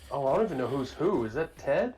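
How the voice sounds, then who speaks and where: A man's voice: medium pitch, very animated, quick pace, music in the background. A young man co-hosting a casual movie podcast, thinking aloud and unsure of his answers. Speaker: podcast co-host.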